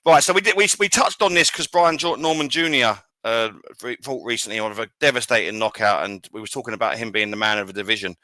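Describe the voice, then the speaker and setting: A man co-hosting a sports podcast, his voice bright and tense as he rattles along at a quick clip. He stumbles and restarts his sentences in casual chat. The sound is dry and close, with no room echo. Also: mid-range voice. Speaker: podcast co-host.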